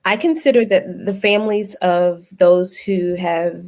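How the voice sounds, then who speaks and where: Animated woman host telling stories. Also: lowish voice, unhurried. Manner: animated storyteller, laughs often, folksy phrasing. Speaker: guest host. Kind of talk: casual panel talk.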